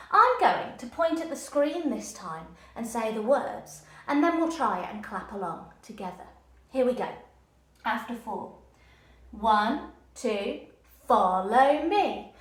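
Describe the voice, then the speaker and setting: A woman's voice: high voice, expressive, unhurried, pushed and bright, echoey room. A woman teaching a children's music lesson, encouraging and chanting rhythms for the class to clap along to. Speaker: primary school music teacher. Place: room with a screen behind her.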